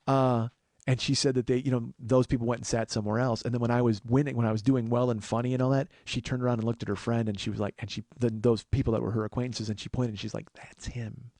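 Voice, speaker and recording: A podcast host with a medium-pitched, darkish voice and some vocal fry tells a long personal story, recorded with no echo. He rambles casually, restarting sentences and acting out what other people said.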